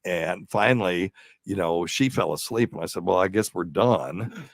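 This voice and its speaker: This is a man with a low, gravelly voice telling a rambling story on a radio talk show. He drifts through fillers and half-finished thoughts with an easy chuckle. The sound is close-miked and dry. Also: moderate pace, dry recording. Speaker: radio show host and doctor. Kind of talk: casual storytelling chat.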